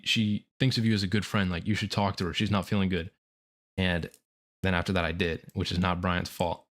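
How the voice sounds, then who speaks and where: A young man streaming a remorseful confession, halting and profane, full of "like" fillers. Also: lowish voice. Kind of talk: confessional livestream monologue.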